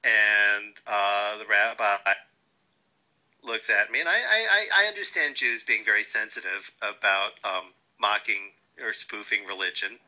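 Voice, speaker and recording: Man, older, interviewee, wry storyteller, sharp bright voice. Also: fairly low pitch, unhurried, low-quality recording. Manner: wry, animated anecdotes with quoted voices.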